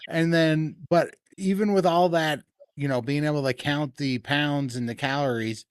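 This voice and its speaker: A man's voice: fairly high pitch, moderate pace, clean tone, no echo. A man hosting a casual live-stream chat, easygoing and laughing often.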